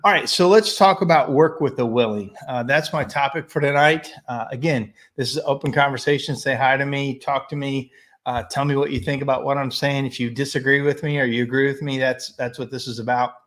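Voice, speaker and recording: A man from the United States hosts a weekly live stream and speaks in a loose, rambling monologue. He sounds opinionated and talks straight to his viewers. His voice sits at an ordinary middle pitch. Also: steady tone, brisk, fairly bright tone. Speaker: host of a weekly live business show, chimney sweep.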